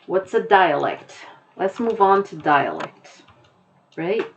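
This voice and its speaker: A woman with an American accent teaching a lesson, explaining deliberately and repeating her key points. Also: on the low side, lively intonation, highs cut off, slight background noise.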